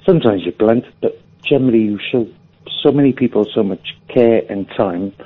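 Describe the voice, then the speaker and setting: A man's voice: lowish voice, normal speed, husky. A man calling in to a radio show, earnest and chatty, calling the host mate. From Wales. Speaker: caller. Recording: dull lo-fi phone-in line.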